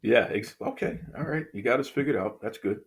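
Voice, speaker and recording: A man's voice: medium pitch, fairly quick, creaky, husky. A man from Boston hosting a casual interview, teasing his guest playfully and often repeating words as he starts a sentence. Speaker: podcast host.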